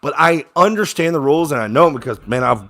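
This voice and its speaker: A fast-talking young man reacts live to a game as a fan in casual commentary. He grumbles quietly at times and shouts with excitement on the big plays.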